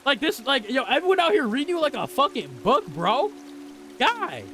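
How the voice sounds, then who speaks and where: A man hosting a gaming channel, reacting to a story game with excitable, profane, slang-heavy rants. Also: very high voice, moderate pace. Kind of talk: casual let's play reaction commentary.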